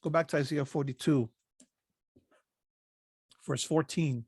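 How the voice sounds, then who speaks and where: A man with a notably high voice teaches a Bible study, reading passages aloud and then cutting in with brief, emphatic asides. The sound is dry and close, with almost no room around him. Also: unhurried, a little mellow, breathy edge, no echo. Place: lives in Pennsylvania.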